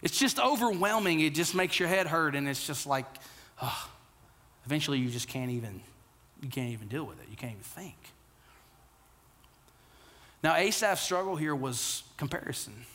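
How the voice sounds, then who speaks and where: A pastor in his thirties delivers a sermon in a fairly high voice. He talks earnestly and conversationally, stumbling over repeated words, then sinks low and quiet to press a point home. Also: lively intonation, normal speed, long pauses. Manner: drops to a quiet, low delivery on key lines.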